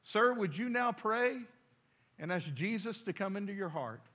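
A man's voice: high voice, animated, normal speed, sharp tone, heavily acted. A preacher voicing an earnest, nervous teenage boy who is a new believer. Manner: earnest, eager.

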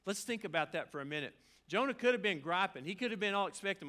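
A man's voice: high-pitched, animated, fast talker, pushed and bright. A man preaching a sermon as pastor, casual and joking with asides to the congregation. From Arkansas.

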